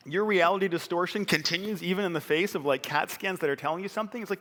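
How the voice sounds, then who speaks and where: This middle-aged man has a high voice and talks quickly, barely pausing, with a fairly bright tone. Standing on stage in a large, reverberant hall, he tells an earnest personal story in a conversational way, full of fillers and restarts.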